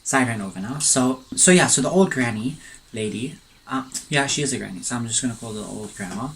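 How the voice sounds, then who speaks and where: A chatty man tells a story while eating, tasting his food between sentences and wandering off into asides. His voice sits at an ordinary middle pitch. A faint steady noise runs behind him at home. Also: fairly quick, gravelly, poor audio. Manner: rambling, digressive, chatty. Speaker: mukbang vlogger.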